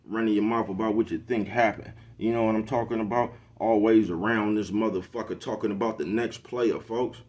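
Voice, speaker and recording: A man's voice: lowish voice, fairly even intonation, brisk, few pauses, darkish tone. A middle-aged man, giving a preachy casual monologue to camera and constantly asking if you know what he's talking about. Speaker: social media commentator.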